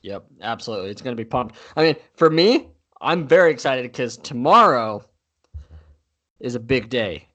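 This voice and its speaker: A young man co-hosting a casual sports podcast, relaxed and teasing. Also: mid-range voice, moderate pace. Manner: relaxed, teasing, laid-back. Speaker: podcast co-host.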